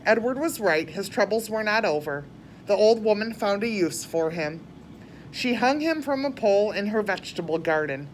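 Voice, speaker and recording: A woman reading a storybook aloud chapter by chapter, plain and unhurried with small slips and restarts. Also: mid-range voice, slight background noise. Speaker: reader.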